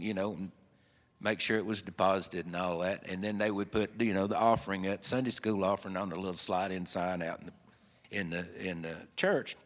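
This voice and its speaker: A man's voice: fairly low pitch, a bit bright. A man with an Appalachian accent telling a folksy story in a rambling, easygoing way full of fillers. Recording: long hall reverb.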